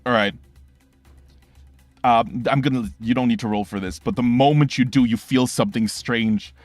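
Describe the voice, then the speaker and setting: A man's voice: mid-range voice, no room sound, soft background music. Young man narrating as game master. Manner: animated, fast storytelling with sound effects and restarts.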